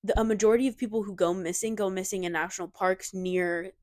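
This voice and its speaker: A young woman co-hosting a podcast in casual chat, talking in an animated, emphatic way with lots of fillers on a cheap desk mic. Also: mid-range voice, quick pace, no echo, studio quality. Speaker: podcast co-host.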